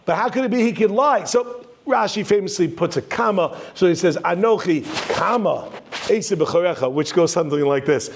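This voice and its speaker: A man teaching a Torah class to a live audience, telling the story with jokes and acting out the characters' lines. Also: high voice. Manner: animated, jokey, acts out characters' lines. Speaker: rabbi teaching.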